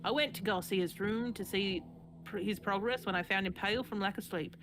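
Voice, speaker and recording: A grave wartime doctor in a Cockney accent, put on by a woman writes up his patient notes, his slow, measured delivery drawing out each phrase. The voice sits at an ordinary middle pitch. Behind it, a clear hiss of stream noise runs under the reading. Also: lightly acted. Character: male wartime doctor writing his journal. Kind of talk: live reading of a journal-style horror story. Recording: noisy live stream audio.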